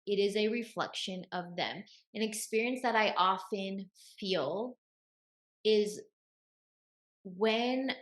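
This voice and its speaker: A woman's voice: mid-range voice, fairly bright tone. A young woman hosting a self-help video, giving casual motivational advice and repeating key phrases for emphasis.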